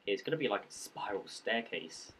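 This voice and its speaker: A man's voice: on the low side, expressive, brisk, a bit bright, a little hiss or hum. A man giving casual let's-play commentary, rambling and joking and talking to the creatures in the game as he plays. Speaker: gameplay commentator.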